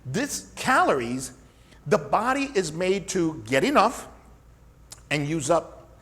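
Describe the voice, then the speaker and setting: A man's voice: a little high, fairly bright tone. Emphatic man teaching about fitness. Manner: emphatic, repetitive, rhetorical questions. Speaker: fitness coach and podcast host. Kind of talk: energetic teaching monologue.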